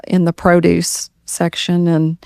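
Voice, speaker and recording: An older woman, a guest in a candid therapy conversation, speaking in an earnest, halting way and repeating her words. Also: lowish voice, monotone, creaky, dark tone, dry recording, studio quality. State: tearing up.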